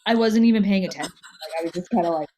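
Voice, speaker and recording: A woman's voice: mid-range voice, fast talker, crowd noise. A young woman co-hosting a casual chat, rambling and laughing often as she talks. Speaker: podcast co-host.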